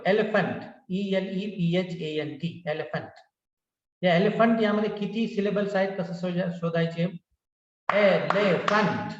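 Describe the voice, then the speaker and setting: A man with an Indian English accent teaching a pronunciation lesson, repeating each word several times to drill it. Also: high-pitched. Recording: roomy, distant, dull lo-fi sound.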